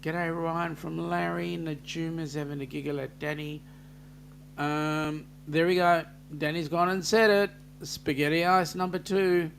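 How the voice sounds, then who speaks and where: Slow, gravelly Australian man chatting. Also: on the high side, steady tone, a bit bright, a little hiss or hum. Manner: jokey, chatty, greets viewers by name. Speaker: host. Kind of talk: casual live-stream chat reading comments.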